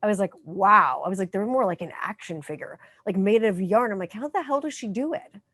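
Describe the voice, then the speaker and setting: A woman in her thirties from Canada hosting a podcast in casual chat, animated and full of fillers, swearing freely. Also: medium pitch, fairly quick, dry recording. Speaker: podcast host.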